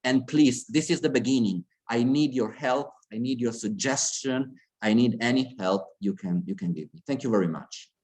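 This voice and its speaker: A man's voice: mid-range voice, normal speed, hardly any pauses, a little mellow. A middle-aged man with an Italian accent, a university lecturer giving an earnest conference talk over a video call and often restarting his sentences.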